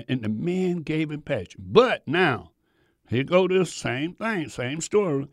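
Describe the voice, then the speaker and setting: Preacher guy, slow folksy sermon, lively swooping pitch, kinda high voice. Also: no echo, clean studio sound. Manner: folksy, animated, halting reading with restarts. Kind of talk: sermon with scripture reading.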